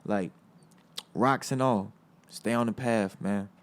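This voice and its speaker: A man's voice: on the low side, takes it slowly. A young man from South Berkeley, a rapper guest in an interview, talking casually with street slang, heavy swearing and defiant emphasis. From South Berkeley, California.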